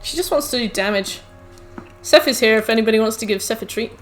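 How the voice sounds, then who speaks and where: Talking fast in a higher-pitched voice, a woman live-streams her gaming from home on a headset mic, with faint music in the background. She chats away to her viewers and fusses at her cats in between remarks about the game.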